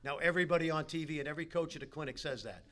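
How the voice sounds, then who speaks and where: A keynote speaker at a team dinner races along in a fairly high-pitched voice, giving a motivational talk in a banquet hall. He tells stories with animation and talks directly to the players.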